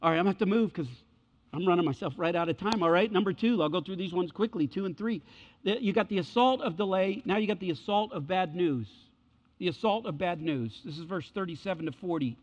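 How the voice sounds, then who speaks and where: A man with a high voice preaches in an animated, colloquial way and keeps repeating his points. His voice rings with a long reverb through a large church hall, and the recording sounds dull and lo-fi. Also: fast talker. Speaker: pastor. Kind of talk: sermon.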